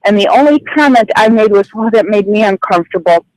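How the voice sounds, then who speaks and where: A woman's voice: mid-range voice, animated, fairly quick, darkish tone, no room sound, poor audio. A woman calling in by phone to a radio show, telling what happened to her in a flustered, rambling way with many fillers. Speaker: caller. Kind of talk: telling a personal story on air. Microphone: phone call.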